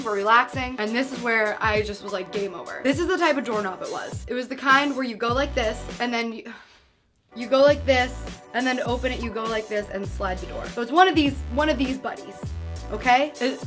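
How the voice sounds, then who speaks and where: A young woman telling a ghost story to camera in a casual, animated way, acting out voices and dropping to a hush at tense moments. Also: high-pitched. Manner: animated, acts out quotes and sounds, drops to a hush for tense parts.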